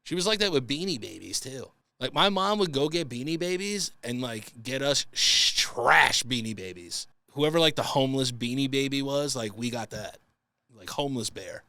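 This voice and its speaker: A man's voice: mid-range voice, lively intonation, normal speed, creaky, sharp tone, no room sound. A young adult man hosting a podcast, telling comic stories in a profane, exasperated rant. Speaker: podcast host. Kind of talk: comedic storytelling monologue.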